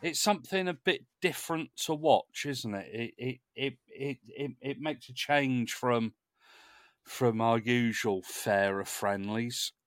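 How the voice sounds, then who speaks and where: A man co-hosting a football podcast, talking casually and haltingly with a wry tone. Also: medium pitch, no echo. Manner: hesitant, lots of fillers and restarts, wry. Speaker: podcast co-host.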